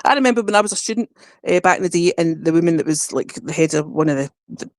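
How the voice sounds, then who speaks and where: A Scottish woman with a Glasgow accent chatting casually on a livestream, rambling through quick stories and laughing often. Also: low-pitched, darkish tone, dry recording, studio quality. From Scotland. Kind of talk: casual chat.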